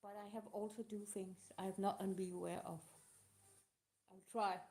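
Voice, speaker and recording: Emotional woman answering questions, halting. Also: medium pitch, flat delivery, darkish tone. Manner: halting, emotional, non-native phrasing. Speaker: live show host. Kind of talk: casual live talk answering questions.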